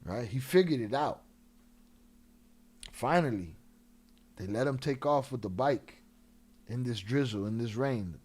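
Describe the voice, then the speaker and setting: A man hosting a live stream, telling a profane, animated story in a casual way and laughing along. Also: mid-range voice, a little slow, pauses often, slightly rough.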